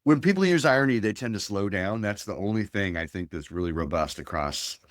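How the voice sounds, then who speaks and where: Deep-voiced man explaining research. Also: animated, brisk, no echo, studio quality. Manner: thoughtful, explanatory, many fillers and restarts. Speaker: guest researcher. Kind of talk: academic interview talk.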